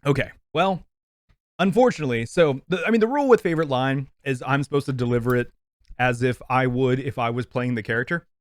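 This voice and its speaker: A man's voice: mid-range voice, fairly quick, no echo, clean studio sound. A man co-hosting a movie podcast, chatting casually, laughing easily and often repeating himself. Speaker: podcast co-host. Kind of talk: casual movie review chat.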